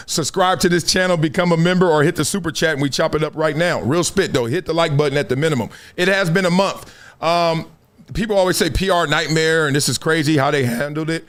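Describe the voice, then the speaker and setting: A man's voice: a little high, a bit bright. A middle-aged man hosting a live-streamed sports talk show, preaching in loose slang with a lot of animation. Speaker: show host.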